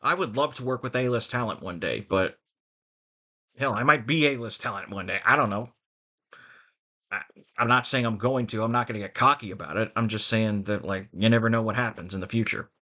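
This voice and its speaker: A man's voice: lowish voice, a little fast, bright, forceful tone. A man talking frankly in a rambling vlog about his voice acting work. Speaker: voice actor and vlogger.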